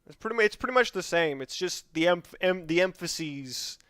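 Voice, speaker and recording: A man's voice: high-pitched, lively intonation, normal speed, a bit bright, no room sound. A man with an Australian accent giving rambling, joking gameplay commentary as a streamer, laughing often into a close microphone.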